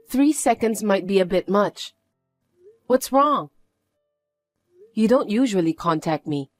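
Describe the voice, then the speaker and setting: A woman telling a first-person story in a flat, weary, matter-of-fact way. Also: medium pitch, slow, long pauses, soft background music. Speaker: narrator and main character.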